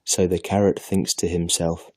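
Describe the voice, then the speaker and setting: A man reading a children's story aloud slowly and carefully for an English lesson. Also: sits low, slightly rough, dry recording, studio quality. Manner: slow, careful, even reading.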